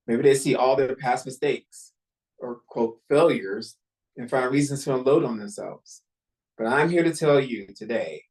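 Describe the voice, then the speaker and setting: A man's voice: mid-range voice, a little mellow, low-quality recording. A man hosting a self-help podcast, giving an earnest, encouraging motivational talk with small restarts, speaking into a computer mic. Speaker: podcast host. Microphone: computer mic while screen sharing.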